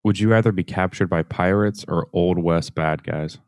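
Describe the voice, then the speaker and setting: A man's voice: deep voice, darkish tone, smooth, no echo, studio quality. A man on a comedy podcast reading out would-you-rather questions plainly and chiming in. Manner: reads questions out quickly and plainly. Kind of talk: casual comedic banter.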